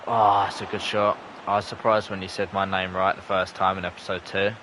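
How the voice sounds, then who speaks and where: A young man, streaming live, commenting on the match and chatting with viewers, breaking into shouts at close chances. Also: sits low, flat delivery, brisk, a little hiss or hum. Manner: chatty, bursts into shouts at near misses. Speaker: gaming streamer. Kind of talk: live gameplay commentary and chat reading.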